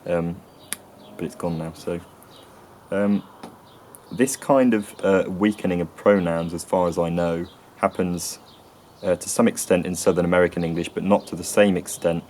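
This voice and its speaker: A man presenting an educational talk to camera outdoors, measured and explanatory, often correcting himself. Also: deep voice, fairly even intonation, darkish tone, a little hiss or hum. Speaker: video presenter on accents. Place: outdoors near a tree with birds.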